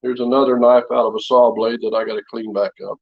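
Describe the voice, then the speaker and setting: A man's voice: medium pitch, level tone, fast talker. A man chatting casually in his home workshop, showing knives he forged, in a rambling, down-to-earth way. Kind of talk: casual show-and-tell chat. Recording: slightly dull lo-fi sound.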